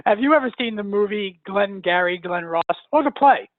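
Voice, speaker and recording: An older man from New York chats and jokes as a webinar co-host. His voice sits high for a man and sounds dry and tinny, like a phone call. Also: expressive, moderate pace, dry recording. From New York, USA. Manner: joking, chatty, laughs easily. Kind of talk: casual webinar chat.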